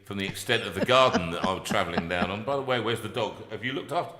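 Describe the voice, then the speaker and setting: A man's voice: on the low side, fast talker, bright, forceful tone, slight background noise. A man in his sixties, a singer hosting a live concert, teasing and joking with self-mocking banter. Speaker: singer and show host. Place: concert room. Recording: echoey hall with piano.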